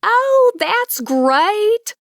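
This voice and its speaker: A woman's voice: fairly high pitch, lively intonation, slow, no echo, clean studio sound. A woman voicing a friendly, chatty neighbor woman with a thick Texan drawl. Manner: drawling, warm and bubbly.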